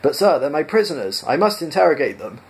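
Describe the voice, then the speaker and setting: A man voicing a petty, aggressive male officer who squeals and shouts his lines high and loud. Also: very animated, fast. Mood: furious.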